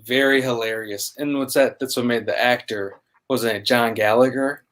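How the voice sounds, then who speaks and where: A man's voice: medium pitch, steady tone, moderate pace, fairly bright tone. A man who is a guest on a livestream, talking in an easygoing, chatty way. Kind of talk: casual chat.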